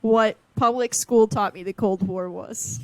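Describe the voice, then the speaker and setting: A young woman co-hosting a podcast, chatting casually with animated, self-mocking quips. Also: mid-range voice, a little slow, dry recording. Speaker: podcast co-host. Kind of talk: casual chat.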